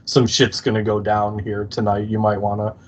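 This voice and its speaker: A man's voice: lowish voice, monotone, moderate pace, a little hiss or hum. A podcast co-host man in casual chat, laid-back and joking. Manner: laid-back, jokey asides.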